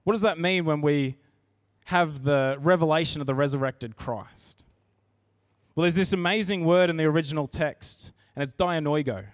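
A sincere male preacher delivers a sermon in church, his pitch sitting a little high for a man, talking casually and often starting sentences over. He speaks at normal speed. The close, dry recording has almost no room sound.

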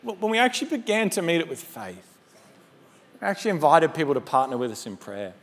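A pastor preaching a sermon in an animated, conversational way with humorous asides. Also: male voice, a little high, fast talker. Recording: long hall reverb.

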